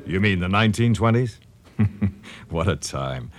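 Naive casual questioner, very deep voice, reverb. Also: male voice, animated, unhurried. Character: breezy, naive male questioner. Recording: long reverb.

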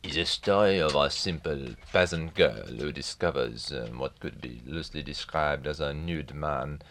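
A man's voice: a bass voice, normal speed, a bit bright. A man giving a rambling, wry spoken introduction, full of hesitations.

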